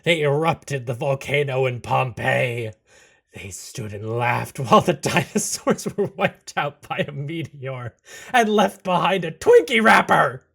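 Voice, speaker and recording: A man voicing a tattletale male frog in a low, gloating voice. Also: lively intonation, a little slow, gravelly, a bit bright, slightly rough, exaggerated voice.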